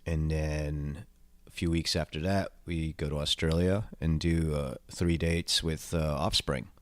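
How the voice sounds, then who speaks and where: A man's voice: very deep voice, fairly even intonation, unhurried, no room sound. A man talking casually as a guest in an interview, laid-back and swearing freely, repeating his words as he goes. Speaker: touring drummer guest. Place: hotel room.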